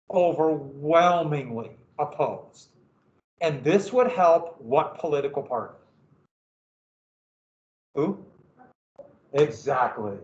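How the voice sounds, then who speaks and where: A man teaching a history lesson to a class, lively and questioning his students. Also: a little high. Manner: animated, asks the class questions. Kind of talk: classroom lecture. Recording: dull, roomy, from a distance.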